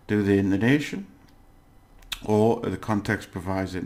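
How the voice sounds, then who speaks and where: A man teaching a casual recorded language lesson, patient, often checking in with the listener and pausing on "uh" as he goes. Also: deep voice, creaky, darkish tone.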